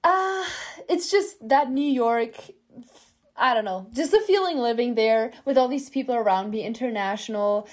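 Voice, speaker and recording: A woman's voice: fairly high pitch, moderate pace. A young German woman speaking English with a German accent, a playful guest in a casual chat who laughs often. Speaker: podcast guest.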